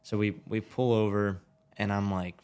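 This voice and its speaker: A man's voice: on the low side, fairly even intonation, moderate pace, a little mellow, smooth. A man, a motorcycle racer guest, casually telling a story with lots of "like" and swearing. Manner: laid-back, swears freely, filler "like".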